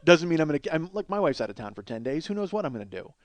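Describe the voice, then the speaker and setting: Man in his forties, comedy podcast host, rambling profane monologue, self-mocking, high voice, dry close recording. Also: very animated, racing, dry recording. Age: 40s.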